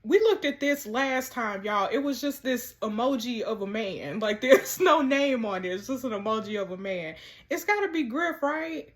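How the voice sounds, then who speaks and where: A woman giving sassy, animated commentary while playing through a texting story game. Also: on the high side, normal speed. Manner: animated, sassy, laughs often. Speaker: content creator.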